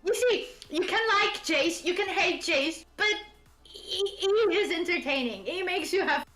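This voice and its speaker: A woman with a high, bright voice talks in a casual lore chat, playful and quick to laugh. She keeps slipping into teasing impressions of characters. The sound is roomy, with faint music underneath. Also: animated. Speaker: streamer host.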